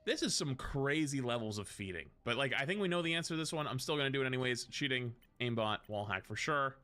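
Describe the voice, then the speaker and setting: A young man streaming and commentating on a game in a casual, rambling way, joking in quick asides. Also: mid-range voice, expressive, bright, forceful tone. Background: game music.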